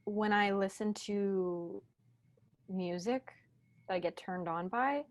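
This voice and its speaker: A woman guest in a podcast interview, speaking slowly and deliberately in a grounded, reflective teaching tone over a video call. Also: medium pitch. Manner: slow, deliberate, grounded delivery.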